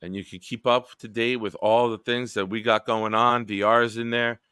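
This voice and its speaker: Bright-voiced, profane male stream host. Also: medium pitch, moderate pace, smooth, no echo, clean studio sound. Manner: profane, animated storyteller. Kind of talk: casual late-night storytelling.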